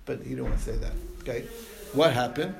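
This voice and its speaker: A man's voice: medium pitch, brisk, creaky. A man teaching an informal Talmud class, retelling stories loosely with many fillers and restarts. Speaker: Torah teacher.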